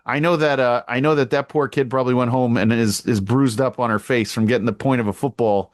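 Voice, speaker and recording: A middle-aged man co-hosting a casual podcast who tells stories animatedly and jumps up in pitch when he acts out what people said. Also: steady tone, a little fast, no echo, clean studio sound. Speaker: podcast co-host; girls flag football coach. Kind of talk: casual chat.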